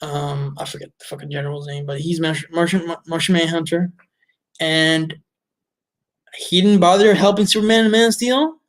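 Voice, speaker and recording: A man's voice: fairly high pitch, steady tone, normal speed. A man giving a casual film review, blunt, exasperated and full of swearing. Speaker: movie reviewer.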